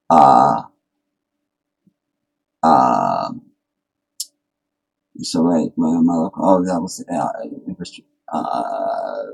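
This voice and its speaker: Low husky guy rambling on his live stream, joking around, pretty animated. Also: low-quality recording. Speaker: livestream host. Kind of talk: casual livestream monologue.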